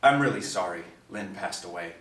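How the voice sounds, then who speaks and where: A man's voice: low-pitched, lively intonation, moderate pace, fairly bright tone. A man voicing a grating, plain-spoken woman with an Australian western suburbs accent, the estranged wife of a killer, in a storybook reading. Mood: bitter. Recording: echoey, distant mic.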